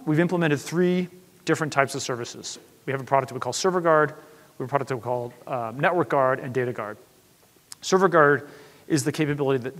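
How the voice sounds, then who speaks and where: A man's voice: medium pitch, a bit bright. A man giving a tech conference talk, explaining casually with frequent restarts and "you know" fillers. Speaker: conference speaker. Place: conference hall. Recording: reverberant hall.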